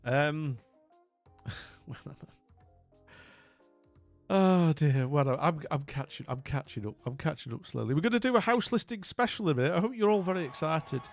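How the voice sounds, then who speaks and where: A man's voice: on the high side, lively intonation, normal speed, pauses often, soft background music. A British man hosting a live stream, chatting casually with viewers in a rambling, self-mocking way. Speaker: streamer host.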